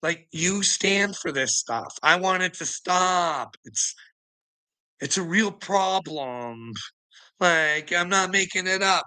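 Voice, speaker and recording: A man's voice: fairly high pitch, takes it slowly, bright, forceful tone, no room sound, poor audio. A man ranting in casual, profane talk to a viewer, laughing often and mocking as he tells stories from work. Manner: addresses a viewer as "little me" and "buddy".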